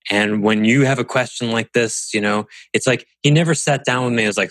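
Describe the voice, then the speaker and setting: A man talking casually on a podcast, animated and acting out quoted voices as he tells stories. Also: on the low side, brisk, few pauses, dry recording, rough recording. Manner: animated storyteller, acts out quotes. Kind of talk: casual conversational podcast talk.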